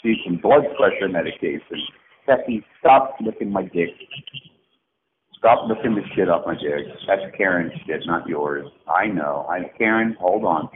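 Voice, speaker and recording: A middle-aged man rants into a phone, swinging from mock-calm sarcasm to profane abuse. His pitch leaps around wildly as he goes. The line is thin and tinny, with a faint hiss underneath. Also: moderate pace. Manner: profane, mocking, erratic rant with sarcastic swings. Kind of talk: angry rambling phone message.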